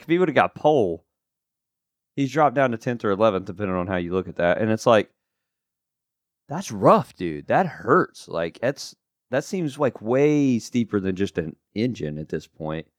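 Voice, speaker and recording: A man's voice: fairly low pitch, dry recording, clean studio sound. A man co-hosting a casual podcast chat, rambling with lots of asides and fillers. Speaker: podcast co-host.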